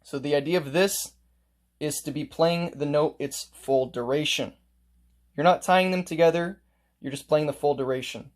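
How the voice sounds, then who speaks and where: A man's voice: a little high, moderate pace. A man teaching a casual music lesson, explaining note markings step by step and playing examples on his instrument.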